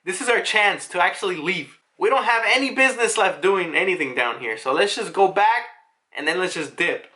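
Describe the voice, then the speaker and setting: A man's voice: high voice, lively intonation, moderate pace, sharp tone. A man reading out lines for a young woman scientist in his own casual voice, urgent and matter-of-fact.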